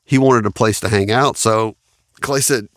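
A man's voice: fairly low pitch, fairly even intonation, normal speed, fairly bright tone, clear, resonant tone, dry recording. A man, a studio engineer and producer telling anecdotes in an interview and laughing often. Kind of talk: storytelling in an interview.

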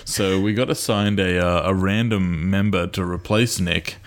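Deep gravelly Australian man, easygoing. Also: measured pace. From Canberra, Australia. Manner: easygoing, hesitant with many uhs. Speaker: podcast co-host. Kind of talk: casual chat.

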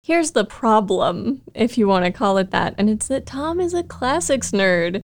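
Female podcast co-host, mid-pitched voice, relaxed and easygoing. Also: measured pace. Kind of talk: casual podcast discussion and recap narration.

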